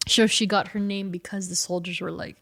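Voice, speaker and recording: A woman co-host with an average-pitched voice who tells a comic story casually. She laughs often and fills her sentences with likes and ums. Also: fairly quick, gravelly. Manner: animated storytelling, laughing often, many fillers. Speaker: podcast co-host. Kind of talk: casual comics recap chat.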